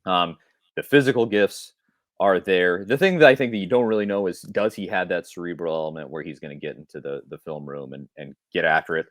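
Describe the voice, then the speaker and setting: Low-voiced man rambling on football. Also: brisk, no room sound, studio quality. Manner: rambling, thinks aloud, restarts often. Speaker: podcast co-host. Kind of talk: casual sports talk.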